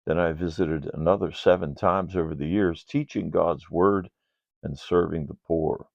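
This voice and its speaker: An older man reading a ministry report to donors in a slow, measured, earnest way. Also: low-pitched, fairly even intonation, gravelly, no room sound. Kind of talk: read-aloud ministry report. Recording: dull, dry lo-fi sound.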